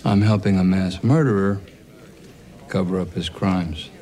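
Earnest, troubled prosecutor in a TV drama. Low, mellow tone. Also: male voice, steady tone, unhurried. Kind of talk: TV drama acting.

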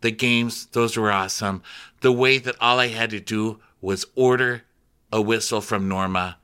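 A man co-hosting a comedic recap chat, animated and swearing, acting out quotes in playful voices. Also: lowish voice, moderate pace, smooth. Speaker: podcast co-host recapping a reality show.

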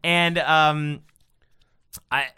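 A man's voice: fairly high pitch, very slow, smooth. A man co-hosting a podcast, chatting casually with dry jokes and reading quotes aloud. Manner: lively, wry, reads quotes aloud. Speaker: podcast co-host. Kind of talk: casual comedic chat.

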